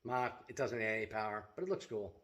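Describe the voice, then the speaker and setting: A man's voice: on the low side, quick pace, background noise. A middle-aged man telling a story in a blunt, profane, casual vlog rant as a seller of self-defense gear.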